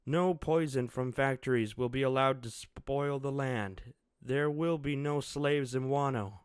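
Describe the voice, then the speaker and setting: A man's voice: mid-range voice, measured pace, clean tone, dry recording, close to an everyday voice. A man voicing a proud young male shogun who declaims formally and solemnly, in a dry, close recording.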